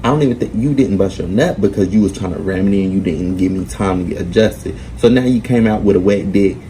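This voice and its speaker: A young man, telling a blunt, profane, animated storytime to his vlog viewers. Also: fairly low pitch, slight background noise, low-quality recording. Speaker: vlogger. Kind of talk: casual storytime monologue.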